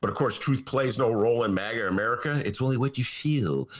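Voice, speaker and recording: A man in his sixties hosting a political podcast from a studio, sarcastic and animated, laughing as he mocks. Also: medium pitch, fairly quick. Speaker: podcast host. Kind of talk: satirical political talk.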